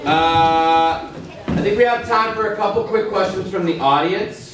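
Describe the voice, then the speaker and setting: A man's voice: sits high, unhurried. A man working as a teacher, leading audience feedback after a school play in an encouraging, directive way. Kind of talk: classroom moderating. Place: school hall. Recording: echoey hall, distant mic, background noise.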